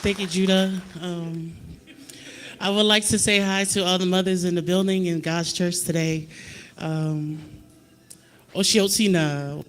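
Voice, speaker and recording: A man giving a Mother's Day tribute at church, hesitant and pausing often. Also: high-pitched, a bit bright, clean tone. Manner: hesitant, with frequent pauses.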